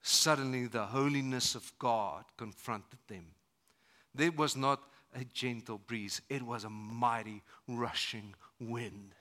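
A pastor delivers a sermon at a church service in a bright, ringing voice of middling pitch. He swings between loud, emphatic declarations and quiet, hushed lines. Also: takes it slowly.

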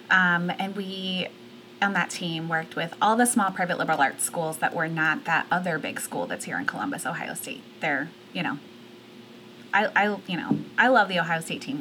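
Casting: bright, animated woman guest, storytelling with fillers, faint noise behind. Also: fairly low pitch. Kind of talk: casual chat.

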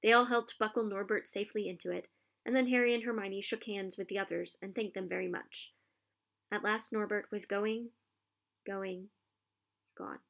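A woman reading a children's novel aloud with expressive storytelling. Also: medium pitch, normal speed, creaky.

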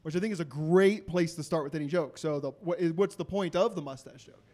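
A man's voice: fairly high pitch, a little fast, dark tone. A man giving earnest, rambling feedback on a comedian's jokes. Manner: rambling, earnest, many fillers. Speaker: comedy judge.

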